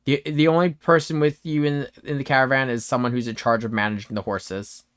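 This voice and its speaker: A man's voice: mid-range voice, steady tone, fairly quick, fairly bright tone, clean tone, no echo. A man narrating as game master of a tabletop game, in a laid-back, rambling way with frequent self-corrections.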